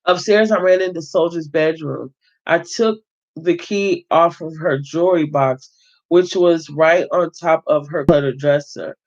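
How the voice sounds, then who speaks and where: A man reading a novel aloud as host, steady but with occasional stumbles and self-corrections. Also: fairly high pitch, measured pace, dull audio.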